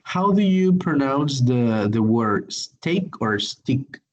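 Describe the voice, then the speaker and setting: A Spanish-speaking man leads an English grammar lesson over the internet, slow and unsure, with lots of fillers and apologies, yet animated. His pitch sits mid-range and the sound is lo-fi.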